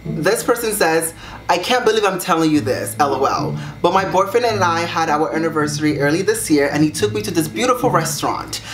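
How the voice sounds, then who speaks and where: A man's voice: fairly high pitch, lively intonation, brisk, fairly bright tone. Sassy young guy vlogging, super swoopy dramatic voice, roomy echo, music playing. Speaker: YouTuber reading viewer secrets. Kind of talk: casual vlog reaction. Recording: echoey room with music behind.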